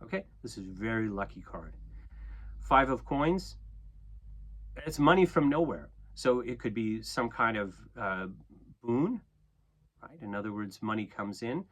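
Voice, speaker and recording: A man's voice: fairly low pitch, animated, a little slow, pauses often, fairly bright tone. A man giving a casual, conversational tarot reading, often checking in with "okay?" and "right?" and laughing at himself. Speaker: tarot reader and astrologer.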